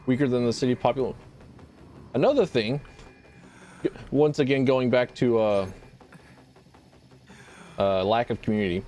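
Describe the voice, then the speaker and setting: A man streaming a game, rambling casually and jumping into excited high yelps. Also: a little slow, long pauses. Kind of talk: let's play commentary.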